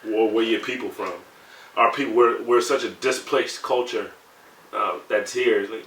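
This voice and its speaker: A man's voice: lowish voice, fairly even intonation, normal speed. A man in his thirties telling candid personal stories in a conversational way, often saying "you know". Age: 30s. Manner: conversational, heated when recounting, many "you know" fillers. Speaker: navy sailor interviewee. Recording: roomy sound, mic at a distance, faint background hum.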